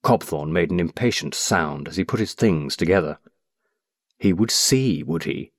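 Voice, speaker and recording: A man narrating an audiobook in an expressive, measured storytelling manner on a close studio mic. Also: low voice, dry recording.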